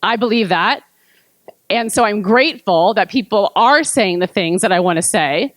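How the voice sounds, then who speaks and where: A woman's voice: medium pitch, expressive, normal speed, no room sound. A woman at a conference speaking candidly and earnestly about her table's discussion, often laughing. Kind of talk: candid public remarks. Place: conference room.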